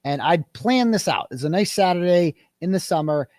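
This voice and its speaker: A man's voice: sits high, expressive, normal speed, a little mellow, no room sound, studio quality. A man being interviewed, telling his story bluntly and with animation, swearing at times. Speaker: guest, independent journalist. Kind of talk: conversational interview.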